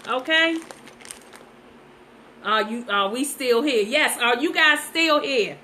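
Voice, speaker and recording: A slow-talking woman with a high, bright, animated voice livestreams herself painting sunflowers, recorded on a phone with poor audio. She chats casually straight to her viewers, repeating herself often.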